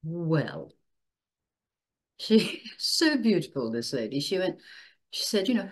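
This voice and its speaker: Lively older woman telling a story. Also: medium pitch, takes it slowly, long pauses. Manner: chatty, laughs often, emotional storytelling. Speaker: channel host. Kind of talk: casual personal talk.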